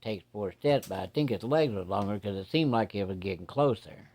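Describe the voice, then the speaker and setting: A man telling a first-person ghost story in a plain-spoken, folksy way, building suspense with slow, deliberate pacing. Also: fairly low pitch, expressive, a little mellow. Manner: plain-spoken, drawling, folksy rural grammar.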